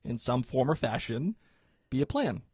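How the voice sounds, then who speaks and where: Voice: mid-range voice, very animated, moderate pace, a little mellow, slightly rough, no echo. A podcast co-host reacting enthusiastically, with laughter, in casual chat.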